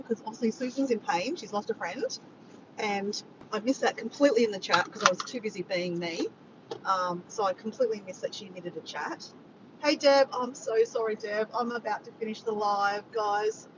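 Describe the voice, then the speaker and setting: A woman with an Australian accent chatting casually on a livestream, rambling and reading out comments from her viewers. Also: brisk. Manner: rambling, reads out the chat and greets viewers by name. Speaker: vlogger hosting a livestream. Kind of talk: casual live chat with viewers. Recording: dull distant mic with vehicle rumble.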